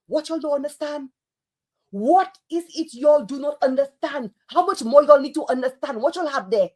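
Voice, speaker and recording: A Saint Lucian woman delivering political commentary online, scolding and sarcastic. Her voice sits a little high and swings widely in pitch as she presses each point. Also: animated, normal speed, darkish tone.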